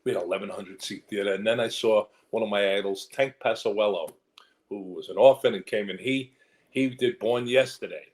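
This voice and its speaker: A man's voice: lowish voice, moderate pace, low-quality recording. An older man with a New York accent, a guest actor telling rambling stories in a casual interview and acting out the voices he quotes.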